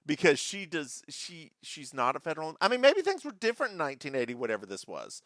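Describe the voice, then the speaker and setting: Man, campy podcast co-host, bright lively voice, dry close mic. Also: fast, no room sound. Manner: campy, jokey, bursts into falsetto singing. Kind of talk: casual recap chat.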